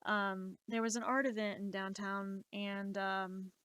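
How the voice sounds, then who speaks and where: A woman in her late twenties telling stories on a live stream, animated and exasperated, swearing freely. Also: medium pitch, unhurried, clean tone, dry recording. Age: 20s. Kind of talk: casual storytelling.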